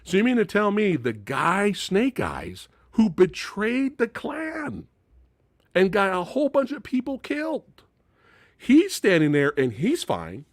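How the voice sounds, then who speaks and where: A man's voice: high-pitched, huge pitch swings, takes it slowly, no room sound, studio quality. A man hosting a casual live-stream movie talk, exasperated and profane, laughing as he goes. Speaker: movie channel host.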